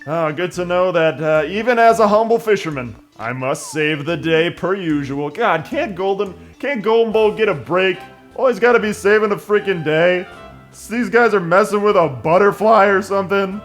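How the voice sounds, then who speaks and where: A man's voice: high-pitched, normal speed, faint music behind. A young man giving casual let's-play commentary, full of jokey, sarcastic asides.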